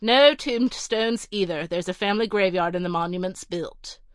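A woman reading a storybook voicing a weary male butler who loudly reels off refusals. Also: medium pitch, moderate pace, no echo, clean studio sound, natural voice. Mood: dismissive. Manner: loud, flat, listing refusals. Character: stiff, weary male butler of a wealthy house.

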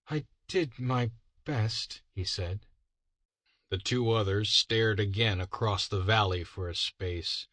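A man narrating a classic story as an audiobook reader, in a measured, deliberate way. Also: low-pitched, bright, forceful tone, no room sound.

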